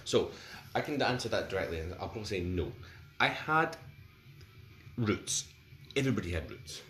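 A man's voice: on the low side, big pitch swings, normal speed, fairly bright tone. A man in his forties co-hosting a casual music podcast, rambling and hesitant with lots of fillers and restarts. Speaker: podcast co-host. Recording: roomy recording with faint background hiss.

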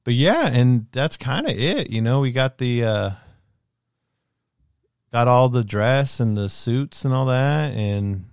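A man in a relaxed chat, his voice sitting at an ordinary middle pitch. He talks in loose, rambling stories full of slang and breaks into laughter often. The sound is close and dry, with no room around it. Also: slow, gravelly, clean tone, no echo. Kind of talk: casual chat.

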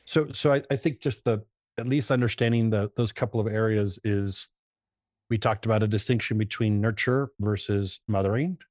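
A man's voice: on the low side, normal speed, darkish tone, no echo. Rambling, dry-sounding male podcast guest. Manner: rambling, searching for words with many fillers; acts out voices in quoted examples. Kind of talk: casual conversation.

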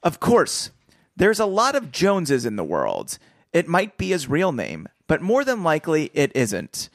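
A man voicing a stern middle-aged father and detective in a book read aloud, measured and questioning. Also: on the high side, wildly swooping pitch, no room sound, clean studio sound, pitched above the performer's own voice, exaggerated voice. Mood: probing.

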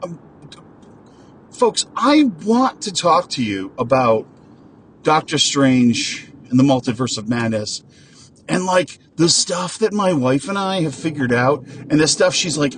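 A man's voice: a little high, sing-song, measured pace, slight background noise, poor audio. A man hosting a casual solo talk, rambling and digressive with many fillers, restarts and the odd swear word.

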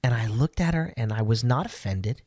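A man co-hosting a podcast tells a story in casual chat, his medium-pitched voice moving fairly quickly. He's an animated storyteller who acts out what people said.

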